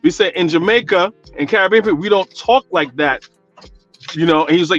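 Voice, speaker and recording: A man's voice: high voice, a little fast, fairly bright tone, no echo, muffled recording, faint music behind. A man from New calling in to a radio talk show, talking casually at length with many fillers. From New York, Guyanese descent. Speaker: caller. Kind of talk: call-in radio chat.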